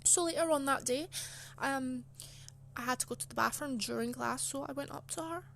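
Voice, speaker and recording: A young woman telling a story straight to camera in a chatty, aggrieved way, her sentences loaded with fillers. Her voice sits a little high for a woman. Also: normal speed, creaky, a bit bright, a little hiss or hum. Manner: chatty and indignant, full of "like" fillers. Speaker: channel host. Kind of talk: casual storytime.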